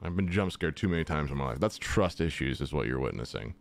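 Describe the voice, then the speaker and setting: Lively, chatty young man gaming. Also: a bass voice, fast, vocal fry. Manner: chatty, jokey, talks to enemies. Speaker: gaming channel host. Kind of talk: casual let's-play commentary.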